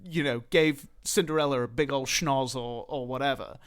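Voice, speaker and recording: A young man co-hosting a casual podcast, rambling with fillers and animated retellings. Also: mid-range voice, normal speed, clear, resonant tone. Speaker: podcast co-host. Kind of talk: casual chat.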